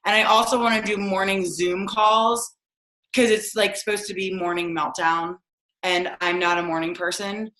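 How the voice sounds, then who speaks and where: A woman with a sharp, bright voice joins a video call while she works out. She rambles breezily and loads her talk with fillers. The room around her sounds echoey. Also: medium pitch, steady tone, normal speed. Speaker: team coach sharing a plan. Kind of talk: casual chat on a video call.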